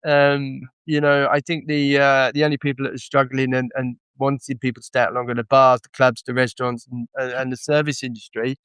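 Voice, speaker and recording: A man's voice: mid-range voice, little pitch movement, a little fast, few pauses, fairly bright tone, smooth, no room sound. A man with a London accent chatting as a podcast guest, self-deprecating and full of hesitant fillers. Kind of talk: casual podcast conversation.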